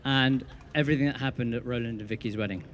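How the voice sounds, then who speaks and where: A man's voice: medium pitch, fast, a crowd in the background. Dry-humoured young man giving a toast. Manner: dry storytelling with teasing punchlines. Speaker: best man. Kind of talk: wedding speech to guests.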